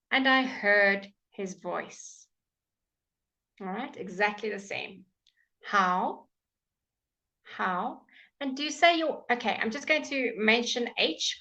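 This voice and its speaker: English woman, pronunciation tutor, unhurried delivery, muffled lo-fi stream audio. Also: medium pitch, pushed and bright. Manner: slow, patient, drawing out example words for repetition. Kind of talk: live online language lesson.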